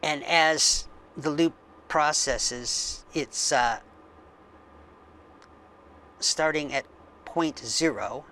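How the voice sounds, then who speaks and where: A man hosting a coding tutorial, thinking aloud slowly with frequent ums as he works on screen. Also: fairly high pitch, sharp tone, a little hiss or hum. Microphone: desk mic with face cam.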